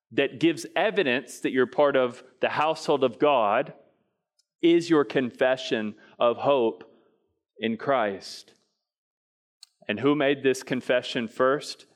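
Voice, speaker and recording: A male pastor preaching from the pulpit in an emphatic, repetitive way. He drives his points home by saying them twice and by asking his listeners questions. His voice sits at an ordinary middle pitch for a man. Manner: emphatic, repeats key phrases and asks the congregation questions. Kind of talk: sermon.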